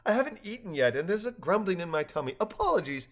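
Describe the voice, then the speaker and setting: Man doing a bashful, apologetic young squirrel, high and shy. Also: big pitch swings, moderate pace, fairly bright tone, heavily acted.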